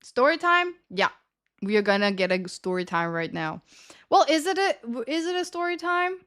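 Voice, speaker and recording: A woman's voice: high voice, big pitch swings, normal speed, fairly bright tone. A young woman streamer telling a story to her chat in a casual, chatty way, laughing often.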